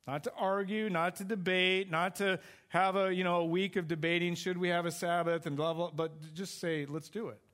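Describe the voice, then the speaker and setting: A man's voice: high-pitched, flat delivery, moderate pace, few pauses, fairly bright tone. A middle-aged man preaching a sermon as pastor, conversational and full of questions to the congregation.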